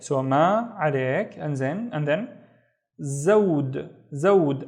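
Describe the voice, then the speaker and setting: Male teacher, fairly high voice, slow syllable-by-syllable repetition, patient. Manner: patient, sounds out syllables slowly and repeats them. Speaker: Arabic teacher. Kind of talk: slow step-by-step reading lesson.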